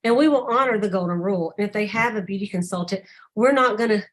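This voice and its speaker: An older woman leading a sales team call, telling stories animatedly and acting out customers' lines in a higher voice. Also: fast. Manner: animated storyteller, acts out customer dialogue in a higher voice.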